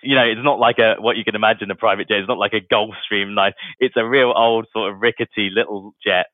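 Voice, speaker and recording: A man's voice: fairly low pitch, fairly even intonation, fast, no echo. A man telling his story casually in an interview, chatty and laughing as he goes. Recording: tinny phone-like sound.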